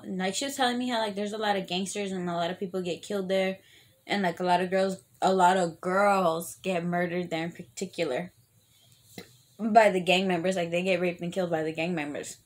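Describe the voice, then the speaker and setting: A woman's voice: on the low side, brisk. Chatty woman doing a story time while she eats, swears a lot, lots of likes and ums, voice jumps up and down. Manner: animated, lots of fillers and swearing. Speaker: vlogger telling a story while eating. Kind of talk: casual storytelling mukbang.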